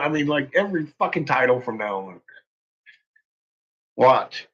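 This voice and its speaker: A man's voice: fairly high pitch, huge pitch swings, takes it slowly, fairly bright tone. A man hosting a casual, mocking commentary, swearing freely and breaking into laughter as he ridicules what he watches. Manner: profane, laughs often, ridiculing. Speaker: channel host. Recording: muffled lo-fi audio.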